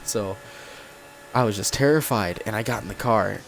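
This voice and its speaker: A man's voice: on the low side, fast talker, creaky, a bit bright, a little hiss or hum. Rambling young man telling a story. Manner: rambling, lots of "like" and acted quotes. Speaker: vlogger. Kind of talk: casual storytelling while gaming.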